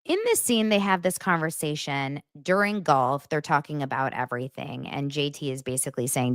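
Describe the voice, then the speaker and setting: A woman's voice: sits low, normal speed, hardly any pauses, dry recording, clean studio sound. A woman in her thirties hosting a show, chatting casually and gushing with lots of fillers. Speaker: podcast host recapping reality TV.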